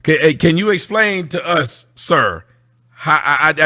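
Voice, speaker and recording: A man runs a casual livestream, talking straight to his viewers. His tone is sarcastic and mocking, and his voice comes through bright and forceful. The sound is dry and close, with no room echo. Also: on the high side, animated, measured pace. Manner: reads out and answers viewer comments. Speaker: livestream host. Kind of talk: casual livestream rant to chat.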